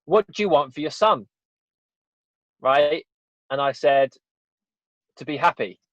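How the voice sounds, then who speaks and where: A man's voice: fairly high pitch, animated, unhurried, no echo. A man, a podcast guest telling a personal story in an earnest, rambling way, with frequent "you know" and "right?". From England. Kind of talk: personal storytelling in a casual interview. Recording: dull, dry podcast audio.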